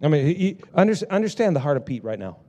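A middle-aged male pastor preaching a sermon, swinging between loud bursts and hushed lines. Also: on the high side, big pitch swings, fast talker, muffled recording.

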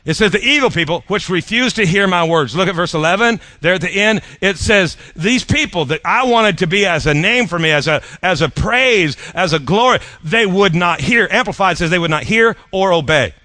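A middle-aged male pastor delivers an animated sermon with a bright, forceful tone. His voice sits a little high, and he jabs playfully while stumbling over repeated words. The sound is dry and close. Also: moderate pace, hardly any pauses, no room sound.

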